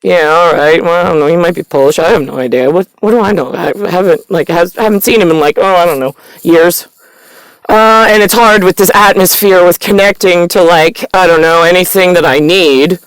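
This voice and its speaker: A woman's voice: on the low side, brisk, clear, resonant tone, no room sound, poor audio. A woman vlogging straight to camera in a meandering, profane, stream-of-consciousness monologue. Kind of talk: rambling direct-to-camera monologue.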